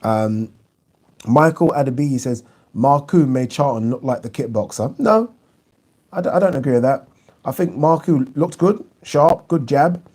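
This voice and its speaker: A man's voice: mid-range voice, expressive, measured pace, a little mellow. Blunt man reviewing boxing live. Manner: blunt opinionated talk with frequent restarts. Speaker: boxing channel host. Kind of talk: live fight review answering viewer questions.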